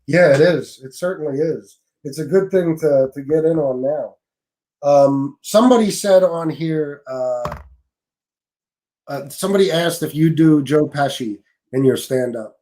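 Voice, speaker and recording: A male host with a slightly high but mellow, warm voice. He runs a casual live-stream interview in an easygoing way, reading out viewer comments between questions. His voice comes through a video call. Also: measured pace, poor audio.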